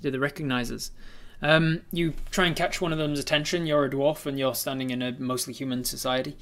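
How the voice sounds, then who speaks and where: A medium-pitched man, talking a little fast, serves as game master and narrates a tabletop game. His delivery is relaxed and wandering, broken by frequent hesitations.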